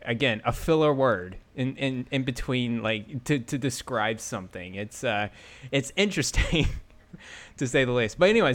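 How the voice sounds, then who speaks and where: A man co-hosts a gaming podcast in a loose, chatty way. He speaks at a mid pitch and gets excited easily. His sentences often break off before he finishes them. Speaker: podcast co-host. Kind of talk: casual gaming podcast chat.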